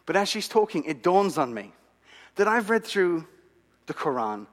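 A man telling his own faith story to an audience, animated and dramatic, with asides to the listeners. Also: sits high, moderate pace. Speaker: speaker giving a testimony. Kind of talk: sermon-style storytelling. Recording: long hall reverb.

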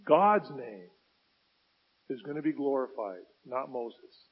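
A man's voice: medium pitch, animated, takes it slowly, long pauses, husky, dull audio. A man preaching a sermon at a church service, earnest, repeating key phrases for emphasis and often stumbling and restarting. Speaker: pastor.

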